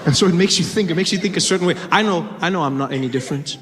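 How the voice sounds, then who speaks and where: A male stand-up comedian tells stories in a loose, conversational way and often corrects himself as he goes. His voice sits fairly high. A long hall reverb and clear crowd noise surround him. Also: rapid-fire, a bit bright. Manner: conversational storytelling with self-correcting asides. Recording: live stage mic in a reverberant hall with a noisy crowd.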